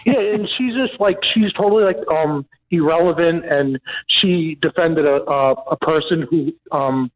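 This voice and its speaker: A man's voice: fairly high pitch, unhurried, hardly any pauses, poor audio. A man calling in to a radio show, earnest and hesitant, filling gaps with "um" and "like". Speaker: caller. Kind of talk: phone call-in chat.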